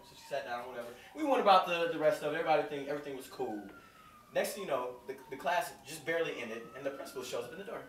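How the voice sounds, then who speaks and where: A man in his thirties doing an animated stand-up comedy set, telling a story and acting out the other people's voices. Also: a little high, very fast, slight background noise. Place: comedy club stage. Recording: roomy club sound from far off with crowd laughter. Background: audience laughing.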